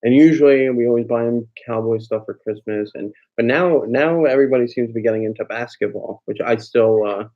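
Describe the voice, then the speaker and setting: A man's voice: mid-range voice, a little fast, few pauses, dark tone. A middle-aged man vlogging in casual chat, joking in a sarcastic way. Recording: dull lo-fi camera mic.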